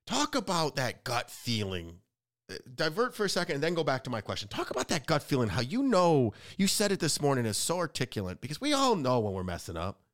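Lively, effusive male podcast host. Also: a little high, a little fast. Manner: effusive, gushing with praise. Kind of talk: casual interview chat.

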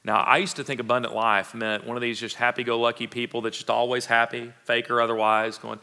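Bright-voiced pastor preaching in a hall. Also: male voice, medium pitch, quick pace, few pauses. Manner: conversational, animated, with restarts and acted asides. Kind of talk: sermon.

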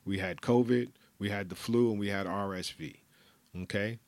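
A man hosting his own podcast, ranting bluntly with plenty of swearing and repeated points. His voice sits fairly low. The sound is dry and close, with no room echo. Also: steady tone, normal speed. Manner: blunt, profane, repetitive ranting. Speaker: podcast host. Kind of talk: solo podcast rant.

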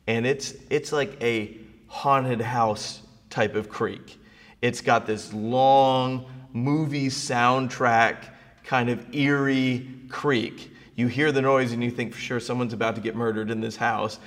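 Pastor preaching in an echoing hall. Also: male voice, mid-range voice, steady tone, slow pace. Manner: builds from quiet storytelling to rising emphatic preaching. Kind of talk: sermon. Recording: long reverb of a large hall.

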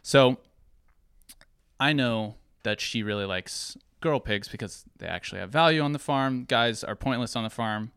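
Bright, crisp-voiced young man telling a story. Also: medium pitch, dry recording, studio quality. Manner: lively, acts out quoted voices. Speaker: speaker sharing a personal story. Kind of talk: storytelling talk to an audience.

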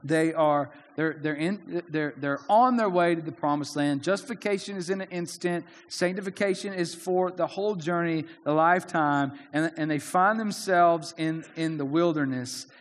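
A man's voice: fairly high pitch, moderate pace, hardly any pauses, big-room sound. A man preaching a sermon in an earnest, conversational way, often restarting his sentences. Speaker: pastor.

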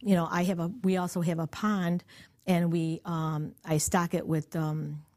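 Middle-aged woman, casual interview chat, lower voice, talks loosely with lots of ums and restarts. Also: level tone, unhurried, a little mellow. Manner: rambling, many fillers and restarts.

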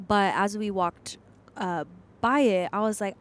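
A young woman co-hosting a podcast, retelling a story in a chatty, animated way with plenty of fillers. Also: medium pitch, unhurried. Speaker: podcast co-host. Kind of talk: casual storytelling chat.

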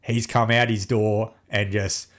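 A middle-aged man, chatting casually as a podcast guest and telling animated family stories with plenty of swearing. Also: fairly low pitch, unhurried. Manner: animated storyteller, swears freely, acts out family dialogue. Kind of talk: casual chat.

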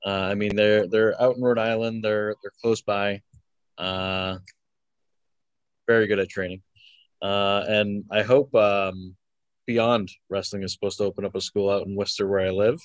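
Hesitant young man with a low voice. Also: flat delivery, normal speed, clear, resonant tone, dry recording. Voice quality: hesitant, many fillers, chuckles often. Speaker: wrestler guest. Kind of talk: casual interview answers.

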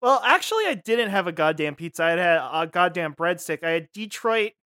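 A man's voice: a little fast, no room sound, clean studio sound. A man co-hosting a podcast in casual chat, rambling and giggling as he talks. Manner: rambling, giggly, lively pitch. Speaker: podcast co-host.

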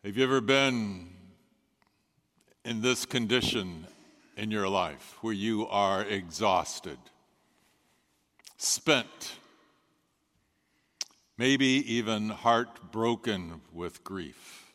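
A man preaching a sermon as a pastor, telling the story in a measured way with dramatic pauses. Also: on the low side, fairly bright tone. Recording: long reverb of a large hall.

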